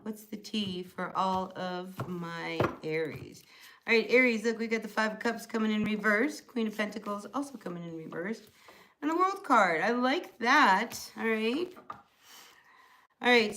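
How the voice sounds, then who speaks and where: Chatty tarot reader with a Jersey accent. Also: female voice, mid-range voice, a bit bright. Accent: New Jersey. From New Jersey. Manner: chatty, loose, rambling with many fillers. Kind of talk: live-stream tarot reading.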